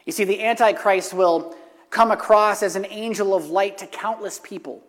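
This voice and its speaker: A man's voice: sits high, moderate pace, fairly bright tone. A male pastor preaching a sermon, earnest, repeating key phrases for emphasis, in a church sanctuary. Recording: long hall reverb.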